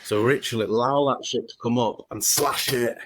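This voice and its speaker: A man's voice: medium pitch, fairly even intonation, normal speed, a bit bright, a little hiss or hum. A man, a podcast guest, talking casually and at length, swearing freely and acting out inner voices as he goes.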